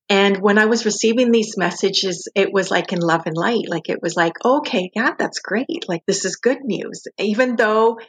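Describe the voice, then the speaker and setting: A woman's voice: on the low side, fairly bright tone, breathy edge. A woman guest in an interview, recounting a personal experience in an earnest, reflective way with frequent "like" fillers.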